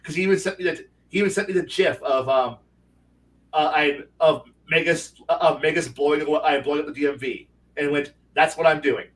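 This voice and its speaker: On a home livestream, a game master and co-host recounts a tabletop game story at a brisk clip. His voice is a little high and he's far from the mic, and the talk wanders casually with many fillers and restarts.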